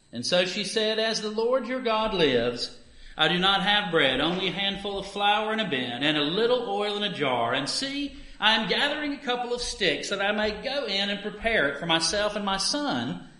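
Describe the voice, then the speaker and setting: A man reading scripture aloud at a church service with emphatic delivery. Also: pushed and bright. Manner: emphatic reading that lifts in pitch and volume for the scripture. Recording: echoey room.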